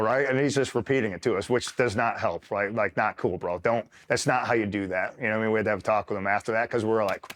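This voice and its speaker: A man's voice: on the low side, quick pace, hardly any pauses, fairly bright tone. Rambling profane male Marine veteran. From New York State. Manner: profane, rambling, filler-heavy with frequent "right?". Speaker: retired Marine guest. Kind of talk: casual war storytelling.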